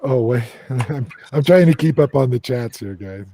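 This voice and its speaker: A man's voice: medium pitch, expressive, moderate pace, dark tone, slight background noise. An American man hosting a casual paranormal discussion on a video call, joking and teasing his co-hosts. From United States. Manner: playful, teasing banter. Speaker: paranormal investigator and host. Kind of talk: casual group chat.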